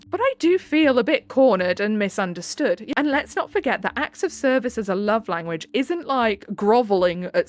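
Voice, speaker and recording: A young woman reads online relationship posts aloud and adds frank, sarcastic commentary of her own. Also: mid-range voice. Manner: sarcastic, frank, quick to laugh. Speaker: channel host reading online posts. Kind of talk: reading posts with chatty commentary.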